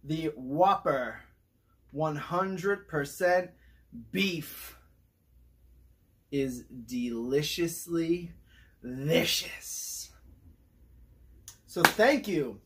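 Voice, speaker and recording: An excitable man reviewing fast food straight to camera, chatting between bites with his mouth still half full. His voice sits a little higher than most men's. He talks loosely and jokes with the food. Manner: excitable, talks while chewing. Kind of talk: casual food review vlog.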